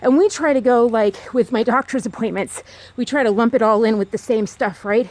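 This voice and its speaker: A woman vlogging outdoors on a trail, talking in a rambling, repetitive, fast way while she walks. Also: a little high, darkish tone. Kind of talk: rambling walk-and-talk vlog.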